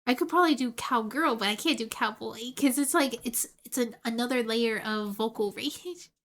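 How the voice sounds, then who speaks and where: A woman's voice: fairly high pitch, moderate pace, a bit bright. A woman streaming a game playthrough, chatty and giggly as she reads the dialogue aloud. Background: game music.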